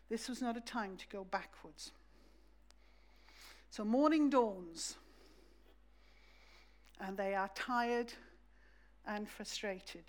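A woman preaching a sermon in a church, telling the story in a lively way and acting out the voices. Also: on the high side.

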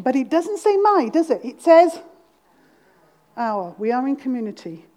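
A middle-aged Welsh woman with a Welsh accent, preaching a sermon to a congregation with humor and dramatic pauses. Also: high-pitched, expressive, warm tone. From Wales.

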